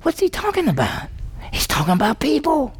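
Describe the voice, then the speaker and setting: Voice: sits high, huge pitch swings, brisk. A pastor preaching a sermon, telling the story vividly and putting questions to the congregation. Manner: storytelling, acting out the dialogue; emphatic, asks the congregation questions.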